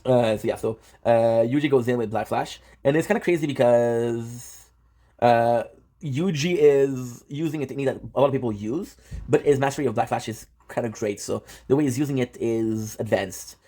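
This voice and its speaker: A man giving casual, excitable reaction commentary on a manga, swearing often and full of fillers and restarts. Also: medium pitch, normal speed. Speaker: manga reviewer.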